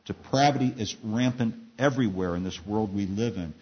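Husky guy preaching, storytelling sermon, dull lo-fi audio. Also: on the low side, a little fast.

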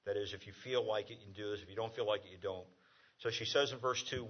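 A man preaching a conversational sermon as a pastor, halting with fillers and restarts. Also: on the low side, husky, muffled recording.

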